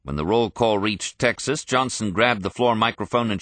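A man reading a history audiobook in a measured, even storytelling manner. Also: fairly low pitch, dry recording. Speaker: narrator. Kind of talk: scripted audiobook narration.

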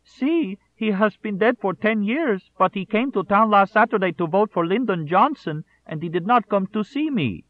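A man's voice: expressive, dull audio. A man doing a small sobbing boy. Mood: tearful. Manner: high, sobbing, slow. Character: small crying boy, tearful and plaintive.

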